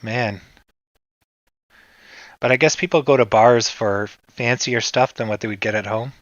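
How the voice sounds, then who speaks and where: A man from Canada hosting a casual livestream, rambling in a relaxed way and answering his chat. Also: mid-range voice, unhurried, no room sound, dull audio. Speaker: livestream host.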